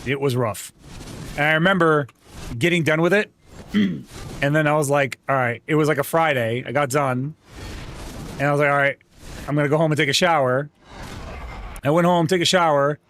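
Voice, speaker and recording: A man's voice: a little high, normal speed, long pauses, fairly bright tone, slight background noise. A young man streaming live, chatting casually with viewers and telling joking stories, with some swearing. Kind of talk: casual chat with livestream viewers.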